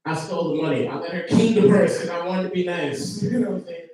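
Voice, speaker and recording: High-voiced male comic with street slang. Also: quick pace, a crowd in the background. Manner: casual street slang, loud mock singing. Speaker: stand-up comedian. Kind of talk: stand-up set. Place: comedy club stage. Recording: roomy club echo, distant mic.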